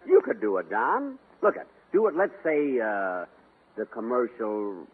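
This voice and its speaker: A man's voice: on the low side, huge pitch swings, measured pace, breathy edge. A man hosting a 1940s radio comedy, playing it exasperated and indignant. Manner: exasperated, indignant comic timing. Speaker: comedy show host. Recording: tinny old radio broadcast.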